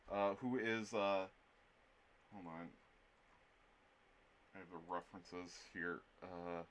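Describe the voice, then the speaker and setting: A man's voice: mid-range voice, fairly bright tone. A man streaming his art, chatting casually and playfully with his viewers in a rambling way. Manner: playful, rambling, jokes with chat. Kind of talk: casual live-stream chat.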